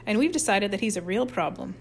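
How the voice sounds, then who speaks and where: A calm middle-aged head counselor, played by a woman reader, soothing and firmly determined. He speaks at a middling pitch, in a steady audiobook delivery. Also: fast talker, creaky, a little hiss or hum. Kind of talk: audiobook character reading.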